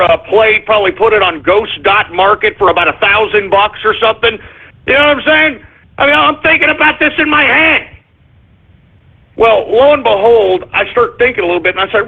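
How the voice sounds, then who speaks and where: A male radio host rambles through anecdotes and shout-outs with a profane, restless delivery. His voice sits high and husky, squeezed through thin phone-like audio. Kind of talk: rambling anecdote and show segments.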